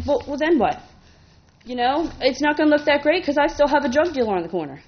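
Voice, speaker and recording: A woman's voice: sits high, expressive, quick pace, muffled recording, a little hiss or hum. A woman speaking as a resident at a town council meeting, emotional and indignant, talking in run-on bursts at a podium microphone. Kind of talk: public comment at a council meeting.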